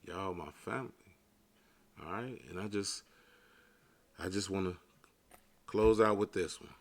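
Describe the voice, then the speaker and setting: A man's voice: low-pitched, a little slow, long pauses. Man preaching casually to viewers. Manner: casual street talk mixed with scripture reading; swings from quiet murmurs to loud bursts. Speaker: online preacher. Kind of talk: informal sermon to viewers.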